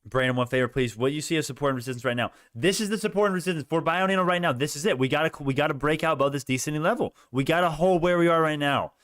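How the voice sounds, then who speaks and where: Excitable young man hosting market livestream. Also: on the high side, racing, few pauses, no echo, clean studio sound. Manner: animated, talks to chat viewers, many restarts, rising excitement. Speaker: stock market livestream host. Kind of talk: excited live market commentary.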